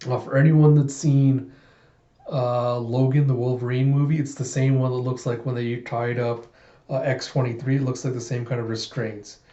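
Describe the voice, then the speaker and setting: A man's voice: medium pitch, flat delivery, moderate pace, warm tone. A man casually recapping a comic story with enthusiastic, rambling narration, in a roomy, dull-sounding recording. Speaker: comic readthrough host.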